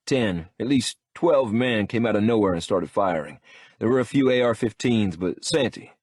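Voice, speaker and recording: A man voicing a calm, matter-of-fact male henchman reporting over the phone in an audiobook. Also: on the low side, moderate pace, husky, dry recording, voice pushed up.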